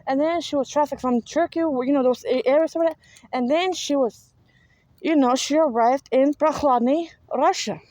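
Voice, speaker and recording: A woman's voice: sits high, moderate pace, a little mellow, dry recording, rough recording. A woman with a New York accent talking to viewers in a rambling, profane, repetitive monologue, speaking from a car. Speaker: spiritual vlogger.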